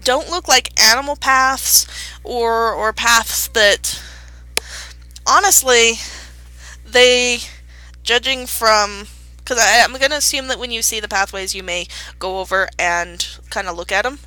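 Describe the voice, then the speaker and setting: A young woman runs a tabletop game, circling back and correcting herself as she describes what the players see. Her voice is bright and fairly high. The sound is dry and close. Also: unhurried, no echo, rough recording. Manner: rambling, self-correcting. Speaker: game master.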